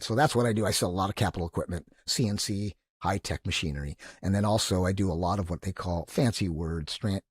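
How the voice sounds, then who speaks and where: A man in his sixties, a podcast guest who tells animated, enthusiastic stories and acts out the quotes. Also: fairly low pitch, creaky, breathy edge, no room sound, studio quality. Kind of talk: casual storytelling interview.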